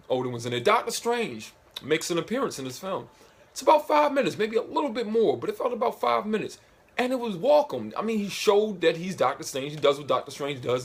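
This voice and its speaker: A man's voice: medium pitch, breathy edge. A man giving a casual, rambling spoken movie review, full of filler phrases and restarts.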